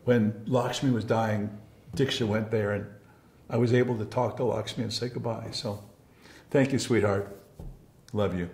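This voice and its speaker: A man with a lowish voice reminisces in a rambling, heartfelt way, often stopping and restarting his sentences. He sounds apologetic and sincere. The recording carries a noticeable room echo. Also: fairly even intonation, normal speed, creaky, pauses often, a little mellow. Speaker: former encounter group leader. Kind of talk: reflective personal recollection.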